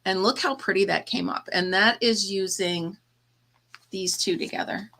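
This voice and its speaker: A woman's voice: mid-range voice, moderate pace, creaky, sharp tone. A woman hosting a casual live chat, tired and yawning, chatty and laughing often as she talks to her viewers. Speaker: livestream host.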